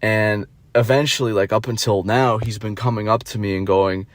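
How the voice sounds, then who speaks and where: A man's voice: fairly low pitch, fairly even intonation, normal speed, dry recording. Profane, rambling young man in dry sound. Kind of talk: comedic storytelling rant.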